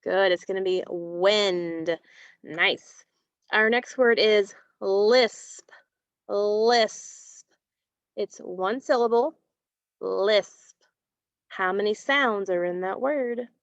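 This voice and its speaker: A woman teaching a phonics lesson, slowly stretching out and repeating sounds and words, and praising her students. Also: mid-range voice, no room sound. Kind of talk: slow, clearly enunciated phonics lesson. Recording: dry, dull lo-fi recording.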